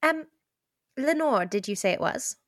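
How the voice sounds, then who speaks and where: A woman playing a tabletop game, bubbly and quick, laughing often. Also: high-pitched, animated, a bit bright. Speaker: player.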